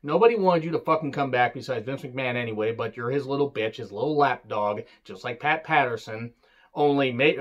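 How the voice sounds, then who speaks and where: A man reviewing in a loose, casual way, with sarcastic asides and angry, profane rants that flare up in louder bursts. His voice sits at an ordinary middle pitch. The recording sounds dull and lo-fi. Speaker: wrestling reviewer.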